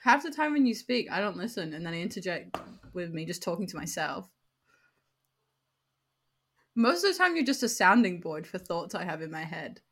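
A woman's voice: on the low side, sing-song, normal speed, pauses often, fairly bright tone, breathy edge. Laughing New Zealand woman telling stories. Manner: laughing storyteller, swears casually, says "like" often. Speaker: podcast co-host. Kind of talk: casual chat.

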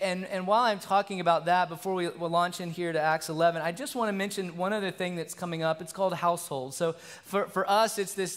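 A male pastor with a notably high voice delivers a sermon in an earnest, conversational manner. His words ring out with a long reverb from a church hall. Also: a bit bright. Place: church sanctuary.

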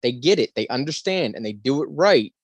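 A man co-hosting a podcast in casual chat, animated, sarcastic and profane. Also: mid-range voice, brisk, breathy edge, dry recording. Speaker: podcast co-host.

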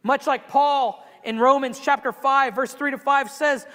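A male pastor preaching a sermon in a church, emotional and animated, often restarting his sentences. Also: extremely high pitch, unhurried, hardly any pauses, in a large hall. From immigrated to the US at twelve. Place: church sanctuary.

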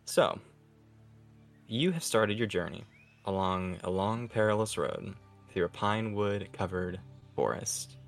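A young man narrating a tabletop game as game master in a soft, calm storytelling voice. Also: on the low side, slow, long pauses, soft background music.

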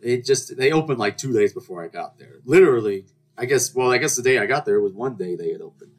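A man's voice: mid-range voice, expressive, fast talker. A young man hosting a casual storytelling podcast, rambling and joking with restarts and mock-outraged rants. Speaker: podcast host.

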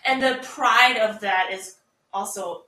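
Young woman co-host, teasing, animated, bright voice, roomy off-mic sound. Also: mid-range voice, takes it slowly, far from the mic. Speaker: podcast co-host. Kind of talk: casual chat.

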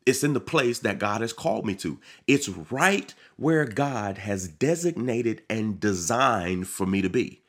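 A man delivering a sermon on his podcast, preaching with animated swings and acting out quoted voices. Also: fairly low pitch, unhurried, few pauses.

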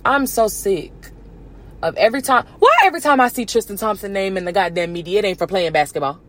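A woman's voice: medium pitch, quick pace, fairly bright tone. A woman hosting a podcast, ranting about celebrity gossip in a brash, sassy, profane way, with mocking put-on voices. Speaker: podcast host.

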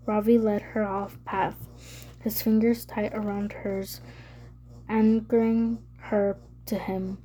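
A woman reading a novel aloud as an audiobook narrator, measured and even. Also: medium pitch, breathy edge. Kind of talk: scripted narration.

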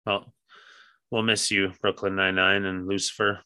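A man's voice: low-pitched, flat delivery, normal speed, sharp tone, smooth, no echo. A man co-hosting a podcast in casual chat, swearing freely and laughing as he tells stories. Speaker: podcast co-host.

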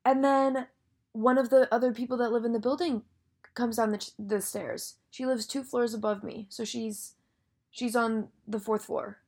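A woman's voice: on the high side, steady tone, normal speed, darkish tone. A young woman telling a story in a casual monologue, chatty and full of filler words and swearing.

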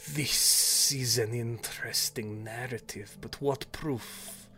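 A game master voicing a wary male serpent naga leader in a slow, hushed, half-whispered way. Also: mid-range voice, steady tone, soft background music. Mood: cold suspicion.

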